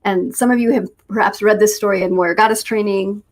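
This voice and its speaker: Brief: woman spiritual teacher, mid-pitched, unhurried storytelling with pauses. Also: steady tone. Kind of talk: reflective teaching talk with personal story.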